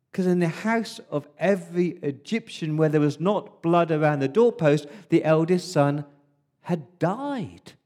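A man preaching as an Israelite firstborn boy, telling the Passover night story in the first person, hushed in its dark moments. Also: a little high. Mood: grave. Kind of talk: first-person dramatic monologue in a sermon.

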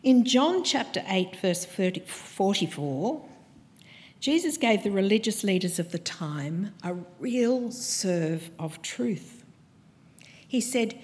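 Woman preacher, sermon, slow measured delivery, earnest, long church reverb. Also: medium pitch, expressive, darkish tone.

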